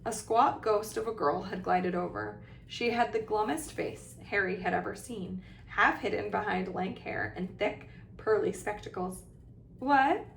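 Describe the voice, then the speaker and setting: A woman's voice: medium pitch, fairly even intonation, a little slow, creaky, a bit bright, roomy sound, slight background noise. A woman reading a storybook aloud as narrator in a plain storytelling manner. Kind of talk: audiobook reading.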